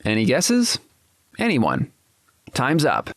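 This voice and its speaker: A man's voice: medium pitch, huge pitch swings, slow. A man narrating a documentary script in a playful, teasing way.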